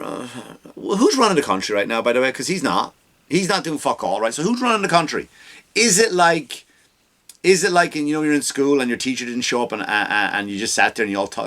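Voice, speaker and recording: A man's voice: medium pitch, animated, a little fast, fairly bright tone. A man hosting a comedy podcast, ranting with heavy swearing and sarcasm, often mocking people in put-on voices. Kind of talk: profane comedic rant.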